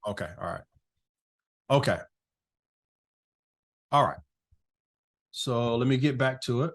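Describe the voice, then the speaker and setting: A man's voice: mid-range voice, lively intonation, slow. A man hosting a casual live online business masterclass, chatting loosely with participants by name over a video call.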